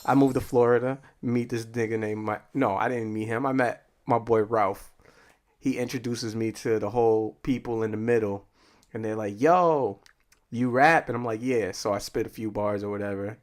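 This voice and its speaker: A man's voice: mid-range voice, fairly even intonation, moderate pace. A young man from Boston co-hosting a podcast in casual banter, laid-back, swearing, laughing often. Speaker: podcast co-host.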